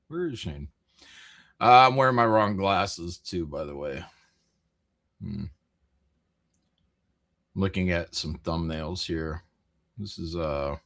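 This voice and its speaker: A man's voice: sits low, sharp tone. A man hosting a casual live stream, rambling through chat messages with frequent jokes, laughs and swearing. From American Midwest.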